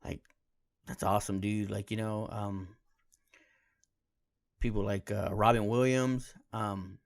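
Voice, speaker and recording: A man with a somewhat low voice hosts a podcast solo, telling stories in an easygoing, heartfelt way. His talk is loose and full of casual slang, and he turns quieter and softer when a subject touches him. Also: fairly even intonation, slow, creaky. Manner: laid-back, heartfelt, slangy with frequent "man" and "dude". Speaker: podcast host.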